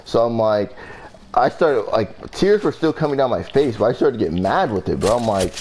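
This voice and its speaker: A man's voice: medium pitch, expressive, moderate pace, darkish tone, slight background noise. A young man casually telling a storytime vlog story, rambling and profane with lots of fillers. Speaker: vlogger.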